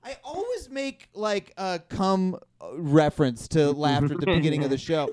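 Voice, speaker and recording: Animated high-pitched male stand-up comic. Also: moderate pace, a loud crowd. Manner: animated, rambling, self-deprecating, laughing at own jokes. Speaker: stand-up comedian and show host. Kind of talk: live stand-up comedy set. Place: live comedy venue with audience.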